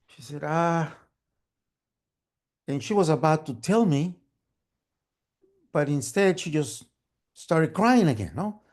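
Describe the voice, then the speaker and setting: A man telling a story at a live storytelling event, animated and humming sewing-machine sounds. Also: fairly high pitch, slow, pauses often. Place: storytelling event, online gallery view.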